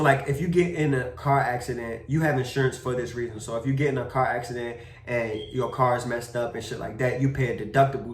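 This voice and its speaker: A young man in a casual storytime vlog, retelling events with slang, swearing and animated energy. His voice sits in a middle register and is caught a little away from the mic, with a roomy echo around it. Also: mid-range voice, far from the mic. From Maryland. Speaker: vlogger.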